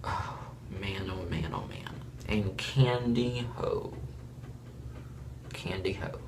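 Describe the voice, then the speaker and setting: A man's voice: low voice, slow, noisy background. A man from Florida giving a casual, blunt and rambling review of a reality show, with chuckling asides.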